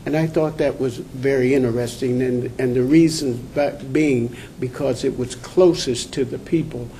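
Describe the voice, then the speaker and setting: A man speaking hesitantly on a panel as a township official, pausing often with fillers. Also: medium pitch, fairly even intonation, dark tone, slight background noise. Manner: slow, hesitant, many fillers. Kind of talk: panel discussion.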